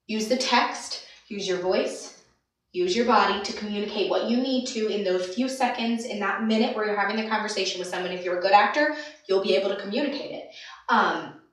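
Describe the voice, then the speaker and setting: A woman's voice: medium pitch, a little fast, fairly bright tone, distant mic. A woman giving a casual, emphatic acting lesson to camera. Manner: emphatic, demonstrative. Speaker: acting teacher. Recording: echoey room, mic set back.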